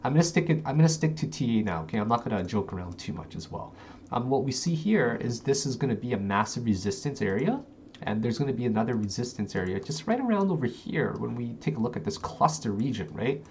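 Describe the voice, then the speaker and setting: A man's voice: mid-range voice, animated, quick pace, slight background noise, poor audio. A man giving casual live-streamed chart analysis from home into a desk microphone, chatty and constantly addressing his viewers as guys. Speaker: crypto trading streamer.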